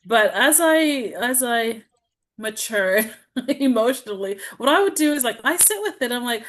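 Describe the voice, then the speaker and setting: Animated, laughing woman telling stories. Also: a little high, moderate pace. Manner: animated, laughs often, acts out her own self-talk. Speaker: guest, traditional Chinese medicine practitioner. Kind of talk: casual podcast conversation.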